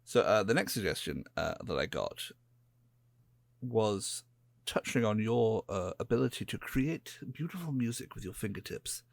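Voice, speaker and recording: Low-voiced West Country man chatting. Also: animated, moderate pace, gravelly, no room sound. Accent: West Country English. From England. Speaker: podcast co-host. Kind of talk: casual chat.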